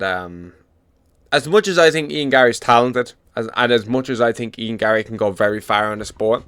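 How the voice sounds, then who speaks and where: Young irish dude ranting about mma, swears a lot, repeats himself, dry close mic, mid voice. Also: male voice, medium pitch, fairly bright tone, smooth, dry recording. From Ireland. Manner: blunt, profane, emphatic repetition. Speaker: MMA commentator. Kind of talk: casual opinion rant.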